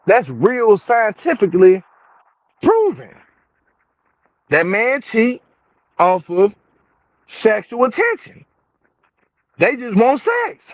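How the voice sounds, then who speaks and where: A higher-pitched young man rants to his viewers in heavy slang, hammering the same points again and again. He is getting angry as he talks. The sound is dull and lo-fi, with a dry, close feel and no room echo. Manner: emphatic, slangy, repeats himself, addresses viewers as y'all. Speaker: reality TV commentary vlogger. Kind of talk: casual commentary rant. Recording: dull, dry, lo-fi home recording.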